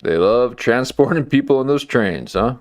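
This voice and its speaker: A man's voice: mid-range voice, expressive, normal speed, dry recording, clean studio sound. A man hosting a comedy commentary livestream, talking in a wry, rambling way with lots of fillers and restarts.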